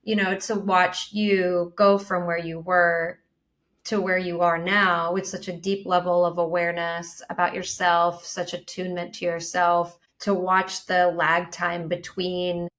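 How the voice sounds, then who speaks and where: A woman coach with a somewhat low voice speaks tenderly and affirmingly. Her sentences flow as long lists of encouragement. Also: level tone, a little slow, a bit bright. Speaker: transformational coach. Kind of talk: warm conversational interview.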